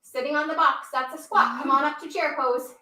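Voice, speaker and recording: A woman's voice: high-pitched, fairly even intonation, fairly quick, pushed and bright, recorded from a distance. A woman leading a children's yoga story time, reading the story and coaching kids through poses with encouragement. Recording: echoey room, voice from off mic.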